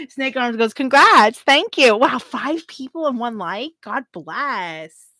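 A woman's voice: on the high side, expressive, takes it slowly, a bit bright. A woman hosting a casual livestream, reading viewer comments aloud in a bubbly, giggly way and greeting them as queens. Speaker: livestream host.

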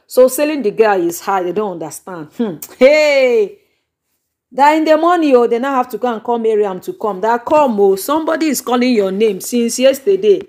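A young woman with a Nigerian accent hosting a YouTube channel, retelling gossip in an animated storytelling way with dramatic exclamations. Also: medium pitch. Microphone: microphone.

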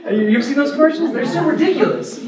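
High-voiced priest preaching in an echoey hall. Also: male voice, fast, over a noisy crowd. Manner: animated, laughs while telling stories. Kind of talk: adult formation talk. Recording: echoey room, mic far off.

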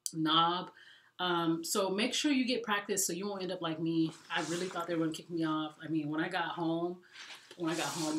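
A woman vlogging travel tips in a chatty, animated way, talking to viewers as y'all. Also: fairly low pitch, reverberant. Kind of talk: casual storytelling vlog.

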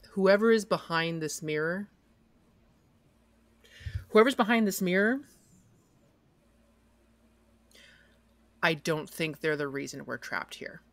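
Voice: mid-range voice, no room sound. A game master voicing a captive male goblin sheriff who talks in an earnest, pleading way.

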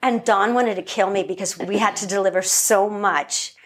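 A woman guest in a casual interview, a lively storyteller who acts out quotes and laughs often. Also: medium pitch, normal speed.

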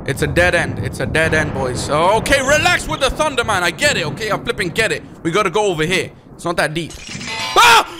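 A young man hosting a gaming video, giving excitable, jumpy gameplay commentary and talking to his viewers. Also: sits high, fast talker, hardly any pauses, music in the background.

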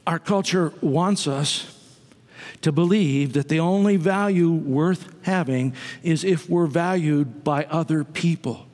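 A man preaches a conversational sermon, his slightly high voice a little mellow and his pace slow. He is a pastor speaking to his congregation in a church sanctuary, with asides to those seated in the pews, all under long reverb.

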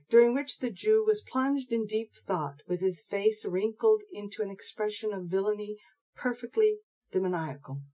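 A woman narrating an audiobook of a classic novel in a steady, measured way. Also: medium pitch, low-quality recording. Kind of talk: scripted narration.

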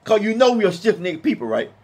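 A man teaching from the Bible in an emphatic, colloquial sermon, slowing down to read scripture. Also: sits high, very animated, a little mellow, breathy edge. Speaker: preacher.

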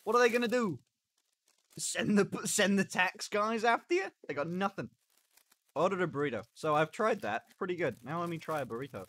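A man's voice: high-pitched, lively intonation, a little fast, fairly bright tone. A man streaming live in casual chat, joking, swearing and eating on camera. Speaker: livestreamer.

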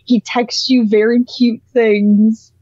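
A woman co-hosting a casual gaming podcast, animated and gushing, swearing freely. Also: a little high, slow, breathy edge, no room sound, highs cut off. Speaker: podcast co-host.

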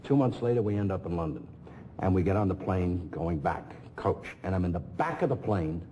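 A middle-aged man sits as a talk show guest and tells a story in a lively, sing-song voice that swoops up and down as he mimics the people in it. A faint hiss of background noise sits under him. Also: low-pitched, moderate pace. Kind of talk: casual anecdote telling.

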